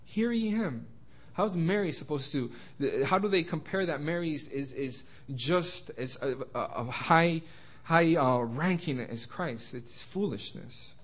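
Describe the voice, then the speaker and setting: Young male Bible teacher, slightly high voice, halting delivery with many restarts, slows for scripture. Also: animated, fairly bright tone, husky. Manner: slows and rises to stress quoted scripture. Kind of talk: informal Bible study sermon.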